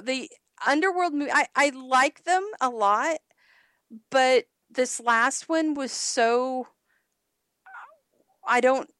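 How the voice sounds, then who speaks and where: Brief: a woman co-host, chatty and giggly, pitched a bit high, recorded dry and close. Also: fairly bright tone, smooth, no echo. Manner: rambling, laughing often, many restarts. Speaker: podcast co-host. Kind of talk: casual chat.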